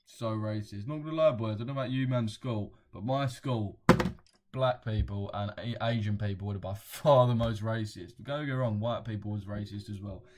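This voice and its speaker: A man's voice: lowish voice, moderate pace, darkish tone. A young man hosting a casual livestream, blunt and slangy, swearing freely and chuckling as he reads viewer comments aloud. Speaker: trading livestream host.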